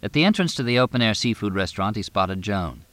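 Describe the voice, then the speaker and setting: A man reading a novel aloud as narrator, measured and even. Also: on the low side, no room sound. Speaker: audiobook narrator. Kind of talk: scripted narration.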